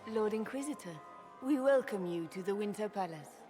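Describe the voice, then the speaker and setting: An actress playing a gracious empress who speaks in a measured, courtly way. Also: female voice, medium pitch, expressive, warm tone, faint music behind, natural voice. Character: gracious, poised female empress.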